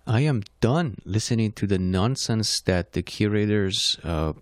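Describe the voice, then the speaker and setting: Low-voiced man with a Persian accent. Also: a little slow, no room sound. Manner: rambling, self-correcting, conversational. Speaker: playlist host. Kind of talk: casual solo talk.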